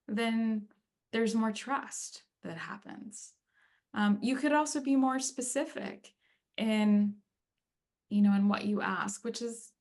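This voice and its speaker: Middle-aged woman, gravelly edge, casual webinar speaker with many fillers. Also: fairly high pitch. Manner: conversational, frequent fillers. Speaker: speaker on leadership and empathy. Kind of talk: webinar talk with Q&A.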